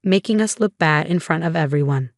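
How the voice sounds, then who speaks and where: A woman's voice: deep voice, a little fast, no echo, studio quality. A woman narrator voicing a sarcastic, resentful young woman in a spoken story. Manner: sneering, defensive.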